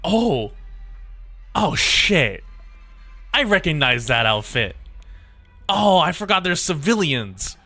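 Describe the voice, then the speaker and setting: Male streamer who reads game lines in voices and cracks up at himself; sharp, bright tone. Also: fairly high pitch, very animated, slow, pauses often, no room sound, soft background music. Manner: voices characters, breaks off laughing at himself. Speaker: streamer reading game dialogue aloud. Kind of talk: casual live game stream with voiced dialogue.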